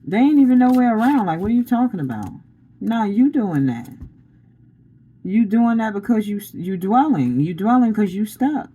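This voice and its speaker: A woman's voice: mid-range voice, sing-song, moderate pace, mellow, husky, rough recording. A woman giving a casual spiritual pep talk as a tarot reader, blunt and preachy, laughing often and using slang.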